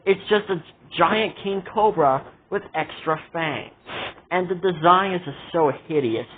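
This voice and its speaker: A man's voice: high-pitched, unhurried, a little hiss or hum. Indignant ranting man, tinny audio. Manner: exasperated, indignant ranting with repeated asides. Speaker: vlogger reviewing a show. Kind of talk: casual ranting commentary.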